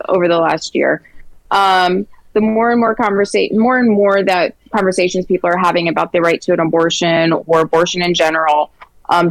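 A woman in a casual interview conversation, her voice sitting low for a woman. She talks earnestly and haltingly, restarting her sentences and filling pauses with "um." The sound is close and dry. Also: no room sound, rough recording. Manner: earnest, halting storytelling with many fillers. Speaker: guest.

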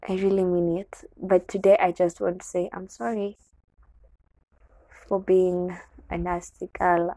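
A young adult woman with a Kenyan accent speaks candidly on her show, sharing a personal story and slipping into Swahili words. Her voice is lowish and warm, and the recording is dry and rough.

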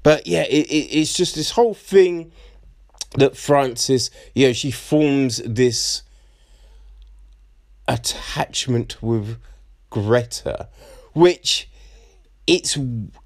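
A man's voice: medium pitch, drawn-out words, long pauses. A man casually talking through a film, chatty and often tagging his points with "right?". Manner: chatty, keeps asking "right?", slips into mocking voices. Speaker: film reviewer.

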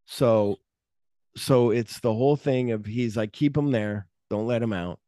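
A man's voice: medium pitch, a little slow, mellow, no room sound, studio quality. A man co-hosting a podcast, retelling movie scenes animatedly, acting out the quotes and swearing freely. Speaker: podcast co-host. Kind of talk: casual movie chat.

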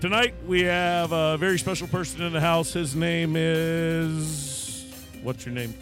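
A man's voice: on the high side, fairly even intonation, a little slow, a bit bright, soft background music. A man hosting a casual podcast from a bar, joking and poking fun at himself and his guests. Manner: joking, self-deprecating. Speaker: podcast host.

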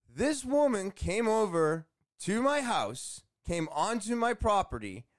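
High-voiced man ranting to camera. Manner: animated, exasperated, swears often. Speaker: vlogger telling a story. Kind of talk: casual storytelling to camera. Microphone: camera facing speaker.

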